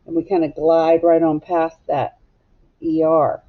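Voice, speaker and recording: A woman teacher giving a recorded phonics lesson to young children, spelling words out letter by letter and sounding them out deliberately. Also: deep voice, flat delivery. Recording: dull lo-fi recording.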